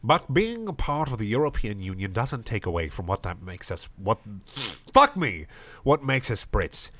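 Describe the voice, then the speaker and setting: A man voicing an earnest, lovestruck male pound coin with an Irish accent, in a high sing-song voice. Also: big pitch swings, normal speed, a bit bright, slight background noise. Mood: rousing.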